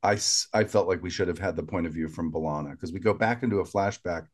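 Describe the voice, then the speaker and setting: A man's voice: low-pitched, fast. A man co-hosting a podcast, walking through an episode's plot step by step in a casual, conversational recap. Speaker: podcast co-host.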